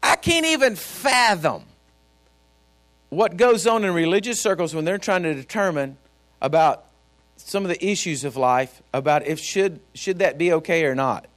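Guy preaching in church, high-ish voice, chatty story-telling preacher. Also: lively intonation, moderate pace, a bit bright. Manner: folksy, storytelling preacher who addresses the congregation directly. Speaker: pastor. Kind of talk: sermon.

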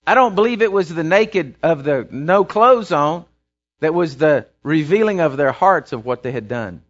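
A man's voice: on the high side, animated, moderate pace. A man preaching a sermon, telling a story and building to emphatic, repeated phrases. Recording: dull lo-fi sound.

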